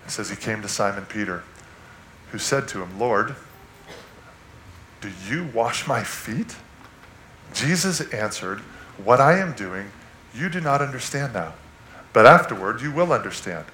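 A male preacher telling a story from the pulpit, swinging between loud, animated bursts and hushed passages. His voice is bright and forceful, carried by the echo of a church hall, with faint noise underneath. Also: medium pitch, measured pace, pauses often. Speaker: guest preacher. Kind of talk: sermon with personal story. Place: church sanctuary.

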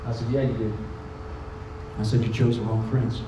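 A man preaching a sermon, telling a story with animated, acted-out quotes that build in intensity. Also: medium pitch, fairly quick, slight background noise. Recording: echoey hall.

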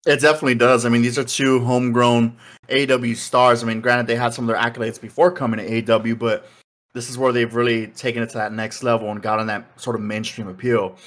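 Man, medium pitch, casual podcast co-host, rambling, lots of fillers. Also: flat delivery, fast talker, fairly bright tone. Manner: rambling, many fillers like "like" and "you know". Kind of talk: casual wrestling podcast chat.

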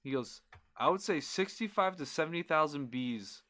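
A man with a bright, forward voice tells a story on a casual podcast. He swears freely and acts out what other people said with lively energy. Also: fairly high pitch, moderate pace. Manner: animated, profane storyteller who acts out quotes. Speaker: podcast co-host.

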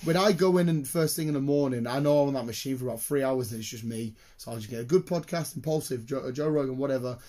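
A man's voice: mid-range voice, fast talker, few pauses, darkish tone. A young man in casual chat, telling blunt, sweary stories about his workmates.

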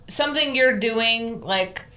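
A woman's voice: a little high, slow, pushed and bright. A woman co-hosting a casual podcast discussion, reflecting thoughtfully and searching for her words.

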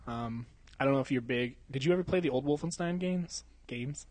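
A man's voice: medium pitch, a little fast, darkish tone, no room sound. A young man co-hosting a podcast, chatting casually, rambling, laughing often and swearing a lot. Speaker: podcast co-host. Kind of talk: casual chat.

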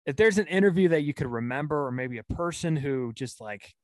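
A man's voice: fairly high pitch, expressive, a little fast, no room sound. A man hosting an interview, asking long questions with lots of fillers. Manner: rambling, searching questions with fillers. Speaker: host. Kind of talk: casual interview.

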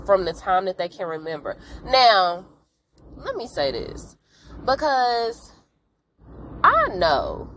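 A young adult woman hosting a podcast, casually recapping an episode with frank, slangy asides and quick acted-out character lines. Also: medium pitch, fairly bright tone, slight background noise, low-quality recording. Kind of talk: casual chat.

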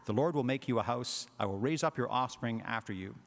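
A man's voice: medium pitch, a little fast. A man, a parish priest, giving a conversational homily with frequent filler words. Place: church. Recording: long church reverb.

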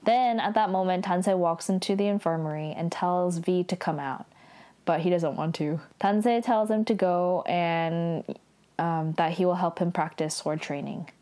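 A woman's voice: fairly low pitch, moderate pace, mellow. A young woman recapping a television drama episode in casual chat, filling her talk with "like" and acting out the characters' lines. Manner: chatty, heavy use of "like", acts out quotes with laughs.

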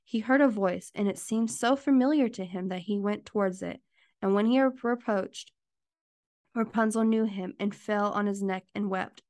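A woman's voice: mid-range voice, normal speed, darkish tone. Woman reading a fairytale aloud. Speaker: podcast host reading aloud. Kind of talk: storybook reading.

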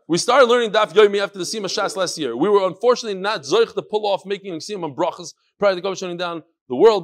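A man's voice: high voice, animated, normal speed. A man hosting a casual chat show, reading listener emails aloud with joking asides.

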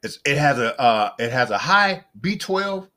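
A middle-aged man hosting a casual solo podcast, chatty and rambling, who repeats himself and jumps up into excited exclamations. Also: mid-range voice, measured pace. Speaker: podcast host.

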